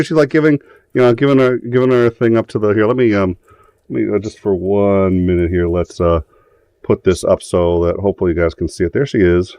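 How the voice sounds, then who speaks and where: A man hosting a live talk show, rambling through a story with plenty of cursing and filler words. His voice sits on the low side. The sound is dry, with no room echo. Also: steady tone, a little fast, warm tone. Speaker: host. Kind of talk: casual live-show chat.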